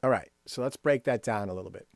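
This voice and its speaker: Speaking fast with a lowish voice and vocal fry, a man runs a rhythm workshop for composers as a screen-share music lesson. He explains at his computer, scats rhythms aloud and keeps checking in with "right?". The recording is dry and close, with faint music.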